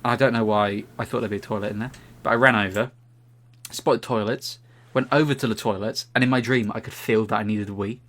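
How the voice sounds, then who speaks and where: A man's voice: lowish voice, steady tone, brisk, a bit bright. A young British man, co-host of a podcast, telling a funny anecdote in casual chat and swearing freely.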